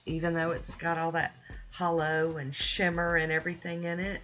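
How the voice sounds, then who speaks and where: A woman's voice: fairly low pitch, completely flat delivery, moderate pace, fairly bright tone. A woman hosting her own nail polish channel, talking through a manicure in a chatty, easygoing voice-over. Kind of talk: casual voice-over tutorial.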